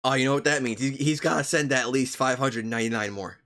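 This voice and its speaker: A man's voice: mid-range voice, fast talker, a bit bright. A young man streaming, reading a story aloud to his chat with profane, joking asides.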